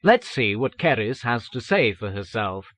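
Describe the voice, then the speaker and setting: A man voicing a dry, slow-spoken husband and writer in an audiobook. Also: mid-range voice, big pitch swings, fairly bright tone, dry recording.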